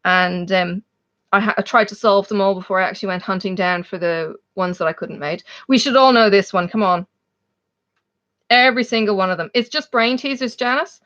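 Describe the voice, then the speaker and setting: A woman's voice: medium pitch, brisk, a bit bright, muffled recording. An Australian woman hosting a casual live chat, talking to viewers in a rambling way and laughing often. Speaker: livestream host.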